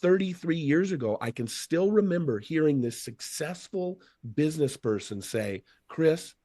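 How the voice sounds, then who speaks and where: A man in his late fifties, guest on a podcast, telling his life stories with earnest energy. His voice is mellow and warm, and the sound is close and dry, with no room around it. He acts out the lines of people he quotes. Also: on the high side, moderate pace, no room sound. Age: 50s. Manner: earnest, animated storyteller acting out quotes. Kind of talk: storytelling in a podcast interview.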